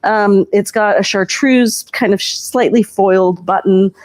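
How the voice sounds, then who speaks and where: A woman co-hosting a live sale, describing products in a relaxed, unhurried way. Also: mid-range voice. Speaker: co-host showing products. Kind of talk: casual product showcase.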